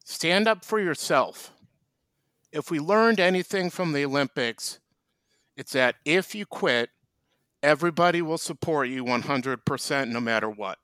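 A man co-hosts a comedic chat show, ranting in a deadpan, mock-serious way. His voice sits a little high for a man. The sound is dry and close, with no room echo. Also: unhurried. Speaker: co-host.

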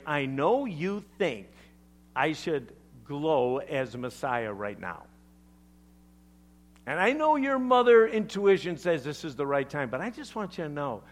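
A man preaching a sermon, animated, acting out quotes with sudden loud bursts and often checking in with "okay?". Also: a little high. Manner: keeps asking "okay?". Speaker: pastor.

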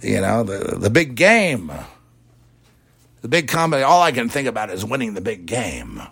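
Gravelly, lively-voiced man preaching. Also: mid-range voice, moderate pace. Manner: preachy, mocks imagined opponents in quoted voices. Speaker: podcast host. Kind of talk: religious commentary monologue.

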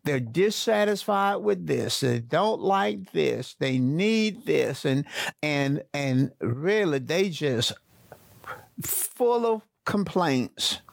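Slow gravelly preacher man. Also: fairly high pitch, no echo, clean studio sound. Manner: slow, repeats key phrases for emphasis. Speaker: pastor. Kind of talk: sermon.

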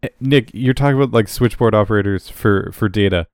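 A man's voice: lowish voice, fairly quick, darkish tone, smooth, no echo, clean studio sound. A man co-hosting a podcast, joking around and laughing hard in casual chat. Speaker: podcast co-host.

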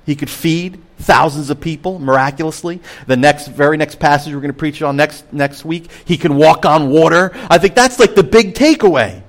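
A middle-aged man, a pastor, preaching a sermon with emphatic rises and hushed drops. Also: on the high side, normal speed, few pauses. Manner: expressive, swings between emphatic and hushed.

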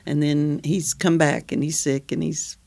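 A wry, bookish man with an Oklahoma accent, speaking in a fairly high voice with a gravelly rasp. He has a teasing edge as he chats casually as a radio co-host. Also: level tone, a little slow, darkish tone. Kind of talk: casual chat.

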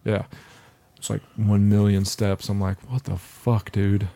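A man with a low, mellow voice talks loosely in casual podcast banter. He rambles, jokes and laughs easily as he tastes a drink. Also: little pitch movement, unhurried, gravelly. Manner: joking, rambling, laughs often. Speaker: podcast co-host. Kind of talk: casual chat while tasting beer.

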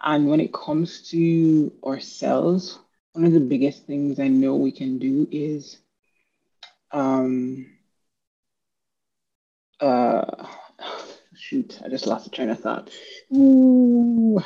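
A podcast host with a husky, gravelly voice who talks very slowly and thoughtfully. The sound is a bit dull and lo-fi. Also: medium pitch, steady tone, dark tone. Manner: slow, reflective, loses the thread at times. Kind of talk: casual podcast chat.

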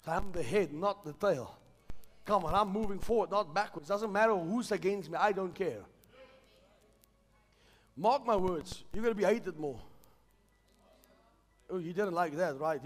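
A man with a high voice preaching a fervent sermon, swinging between intense exhortation and quieter pleading. He calls on his listeners to repeat after him, and his voice rings out with the long reverb of a big hall.

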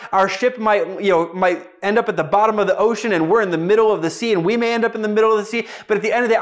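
A man preaching a sermon, hammering points home through repetition and strings of rhetorical questions. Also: high-pitched. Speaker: pastor.

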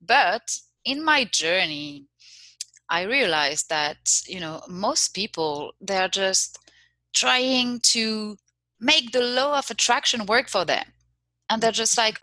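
Bright-voiced woman life coach. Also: mid-range voice, expressive, slow pace, no room sound. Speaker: mindset and manifestation coach, guest. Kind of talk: podcast interview.

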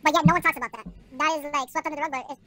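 A woman's voice: sits high, steady tone, rapid-fire. A woman co-hosting a podcast, arguing her point in casual chat. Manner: argumentative, reasoning out loud. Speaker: podcast co-host.

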